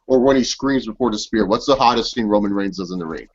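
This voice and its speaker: A man's voice: fairly low pitch, fast. A young man hosting a casual chat, joking, swearing and breaking into loose impressions. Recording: dull lo-fi recording.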